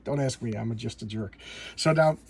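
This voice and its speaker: A man casually recapping and reviewing a comic book, rambling and halting with frequent restarts and chuckles. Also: medium pitch, gravelly, slight background noise.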